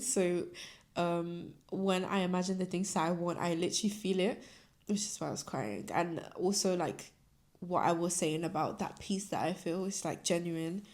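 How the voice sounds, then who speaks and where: This young woman, hosting a podcast by herself, has a fairly low, darkish voice. She talks candidly and rambles, leaning on filler words such as "like," and sometimes cries as she speaks.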